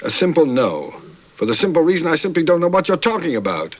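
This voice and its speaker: An actor playing a suave man wrongly hunted by spies, brisk and wry, from a noisy old film soundtrack. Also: on the high side, very animated, slightly rough. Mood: defiant.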